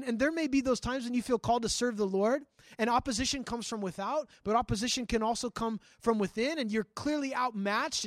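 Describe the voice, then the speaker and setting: A male pastor teaching a sermon in a conversational, animated way, acting out scripture and talking straight to his listeners. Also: very high voice, no echo, studio quality. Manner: frequent restarts and asides to listeners.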